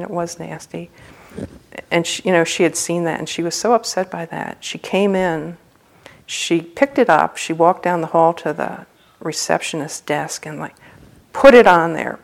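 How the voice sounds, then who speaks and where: A woman's voice: lowish voice, gravelly. A woman meditation teacher giving a dharma talk at a retreat center, telling a personal story in a humorous, loose, conversational way.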